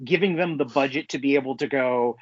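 A man's voice: mid-range voice, a little fast, no room sound, lo-fi sound. A man co-hosting a podcast in casual chat, rambling with lots of fillers and swearing freely. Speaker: podcast co-host.

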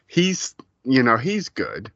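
A man's voice: mid-range voice, wildly swooping pitch, slow pace, gravelly, a bit bright, no echo, muffled recording. A man co-hosting a podcast, speaking in a hesitant casual way that often trails off. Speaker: podcast co-host. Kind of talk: casual chat.

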